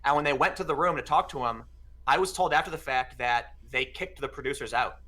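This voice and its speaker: A man telling an animated anecdote in casual conversation, acting out the exchanges he describes. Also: mid-range voice, brisk. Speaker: podcast guest. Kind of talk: casual storytelling chat.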